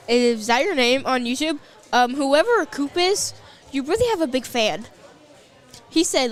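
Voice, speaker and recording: A young woman co-hosts a live stream on a close mic, talking in a loose, rambling way full of fillers and quick giggles. Her voice sits a little high. She sounds casual and unscripted. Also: animated. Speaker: livestream co-host.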